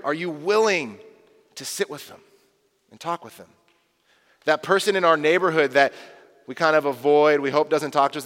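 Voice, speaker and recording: A man preaching a sermon as a pastor, earnest and animated, acting out the voices of the people he quotes. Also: on the high side, long reverb tail.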